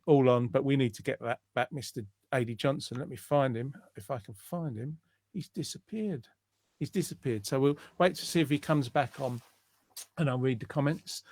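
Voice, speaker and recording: A man's voice: mid-range voice, a little mellow, dry recording, clean studio sound. A man hosting a casual online chat show over a video call, rambling and teasing, with many hesitations. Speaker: host.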